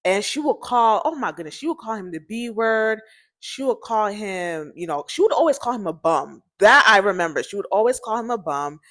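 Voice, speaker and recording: Telling her viewers a story from her own life, a storytime vlogger keeps things casual, animated, and chatty, regularly speaking right to them. She talks at medium pitch and normal speed.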